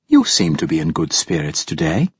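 A calm, courteous female android, read by a male narrator who answers with precise composure. The tone stays low and a little husky, in a dry audiobook recording. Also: moderate pace, dry recording, exaggerated voice. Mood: composed. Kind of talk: audiobook character voice. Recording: slightly dull audiobook recording.

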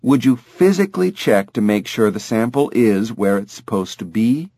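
Man voicing a calm, courteous doctor. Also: on the low side, moderate pace, no room sound, studio quality. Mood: measured. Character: middle-aged male doctor, calm and polite.

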